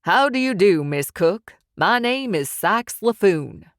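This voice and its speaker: A woman voicing a thin, menacing male crime boss who speaks in a slow, genteel Southern drawl. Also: medium pitch, expressive, dry recording, clean studio sound. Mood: silky menacing.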